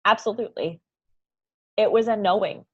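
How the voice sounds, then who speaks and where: A woman guest in an interview, telling a personal story in a heartfelt, animated way, with frequent laughs and lots of "like" fillers. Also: medium pitch, normal speed, husky, no echo, lo-fi sound. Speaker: guest, event founder.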